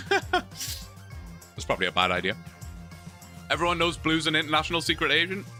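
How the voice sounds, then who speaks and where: A man's voice: fairly high pitch, very animated, normal speed, sharp tone. British guy chatting on his stream, jokey, keeps restarting, music playing underneath. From England. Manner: chatty, joking, many restarts. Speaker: live streamer. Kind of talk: casual live-stream chat.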